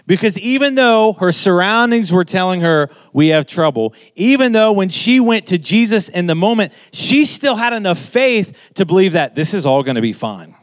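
A man in his thirties preaching a sermon in a casual, conversational way, getting animated as he makes his point. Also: sits high, moderate pace, hardly any pauses.

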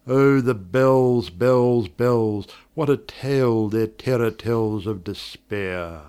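A man's voice: mid-range voice, slow pace, hardly any pauses, a little mellow, clear, resonant tone. A man giving a dramatic poetry recitation, theatrical and swelling on repeated words. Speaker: poetry reader.

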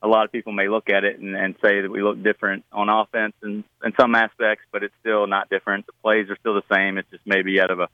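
A middle-aged man, a high school football coach, answering radio interview questions in a relaxed, plain-spoken way with many fillers and restarts. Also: quick pace, hardly any pauses, dry recording, phone-quality sound.

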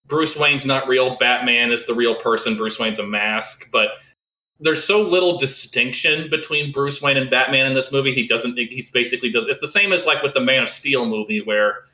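A man's voice: medium pitch, moderate pace, bright, forceful tone. A man in casual chat about films, laying out his points at length. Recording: echoey room.

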